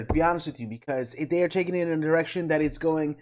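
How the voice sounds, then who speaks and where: A middle-aged man hosting his channel, giving candid, opinionated reaction commentary, swearing casually and pausing with fillers. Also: fairly high pitch, a little mellow. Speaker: channel host reacting to a trailer.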